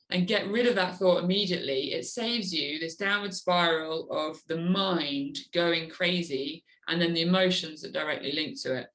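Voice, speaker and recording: A woman's voice: low voice, low-quality recording. Woman guest, earnest, open, conversational interview voice. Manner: earnest, animated when acting out her inner voice. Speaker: guest, adventure motorcyclist. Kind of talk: candid interview talk.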